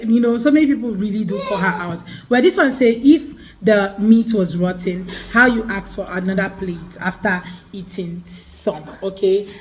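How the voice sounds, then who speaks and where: A woman from Africa co-hosting, talking in a measured way and often checking in with "okay?". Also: medium pitch, low-quality recording. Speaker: co-host. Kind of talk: casual commentary chat.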